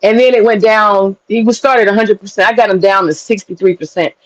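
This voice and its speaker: A woman's voice: mid-range voice, steady tone, fairly quick, no room sound. Brash teasing woman on dull dry audio. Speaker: stream guest. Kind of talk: casual livestream chat.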